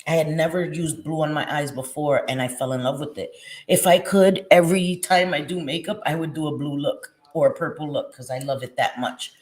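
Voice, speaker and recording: A woman in her forties chatting casually with viewers while doing her makeup, playful and quick to laugh. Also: low voice, darkish tone. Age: 40s. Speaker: beauty vlogger.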